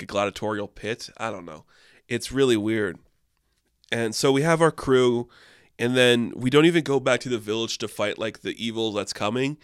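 A man's voice: mid-range voice, fairly bright tone, clean tone, no echo, studio quality. A young man giving a casual, sarcastic movie review, rambling and exasperated, with lots of filler words.

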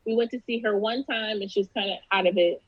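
A woman's voice: mid-range voice, fast talker, husky, no room sound, dull audio. A woman guest in a casual interview, telling a personal story in a loose, candid way with many fillers and restarts.

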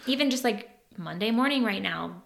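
Chatty young woman on a podcast, says "like" a lot, laughs easily, normal pitch. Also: expressive, moderate pace, vocal fry, fairly bright tone. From California. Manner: chatty, laughs often, lots of "like". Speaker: podcast co-host. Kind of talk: casual podcast chat.

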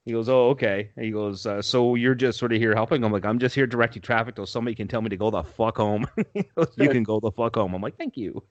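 A man tells a story in a casual, cussing way, breaking into laughter between lines. His voice sits at an ordinary middle pitch. The recording is dry and a little dull. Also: brisk, no room sound. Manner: profane, laughing, animated storyteller. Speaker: podcast co-host telling a story.

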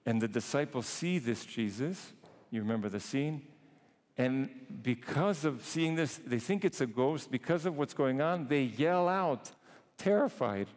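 A man preaching a sermon, emphatic, drawing some phrases out slowly and rushing others. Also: medium pitch, expressive, darkish tone, in a large hall. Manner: emphatic, shifts between slow and quick phrasing. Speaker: priest preaching.

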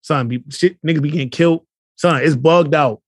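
A man's voice: on the high side, normal speed, slightly rough, dry recording, clean studio sound. A man co-hosting a podcast, telling stories in a slangy, rambling way in casual chat. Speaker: podcast co-host.

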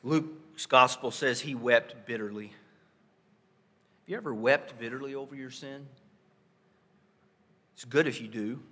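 Bright-voiced preacher in a reverberant hall. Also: male voice, medium pitch, measured pace, pauses often. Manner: dramatic shifts between soft hushed lines and loud emphatic ones; asks the congregation rhetorical questions. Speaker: pastor. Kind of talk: sermon.

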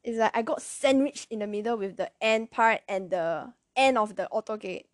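A woman's voice: on the high side, moderate pace, no echo, clean studio sound. A woman with a Malaysian English accent telling a personal story in a chatty, rambling way, correcting herself as she goes. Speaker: vlogger. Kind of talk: casual storytelling.

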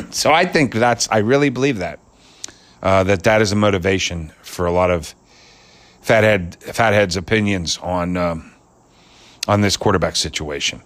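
A man's voice: low-pitched, moderate pace, fairly bright tone. A man giving a casual, opinionated sports rant, rambling and crude, mocking people and laughing at his own jokes. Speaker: sports commentator.

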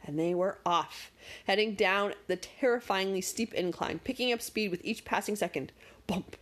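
A woman narrating a storybook with expressive, dramatic pacing. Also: medium pitch, normal speed.

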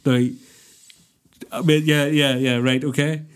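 A man's voice: medium pitch, level tone, a little slow, clean tone. A man co-hosting a podcast, chatting casually, rambling and swearing a lot, laughing often. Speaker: podcast co-host. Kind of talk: casual chat.

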